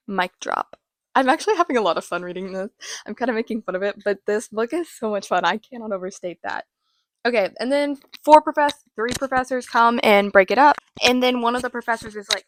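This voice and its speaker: A woman's voice: medium pitch, moderate pace, no echo. A woman hosting a casual book recap, talking in a rambling, chatty way with self-mocking asides. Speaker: host.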